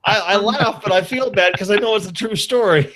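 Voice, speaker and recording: A man's voice: sits high, brisk, fairly bright tone, a little hiss or hum. A man chatting casually who stammers and restarts his sentences and laughs easily. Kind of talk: casual chat.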